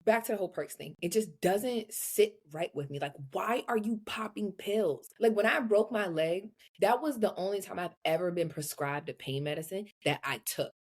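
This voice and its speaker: A young woman co-hosting a podcast, chatting casually in a blunt, profane, animated way. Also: medium pitch, normal speed, few pauses, breathy edge. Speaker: podcast co-host. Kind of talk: casual chat.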